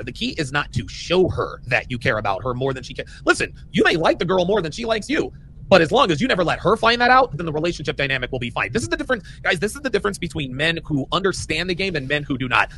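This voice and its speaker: Emphatic fast-talking man lecturing. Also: on the high side, sing-song, sharp tone, slight background noise, rough recording. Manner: emphatic, lecturing, repeats phrases. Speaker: podcast host. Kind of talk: dating advice talk.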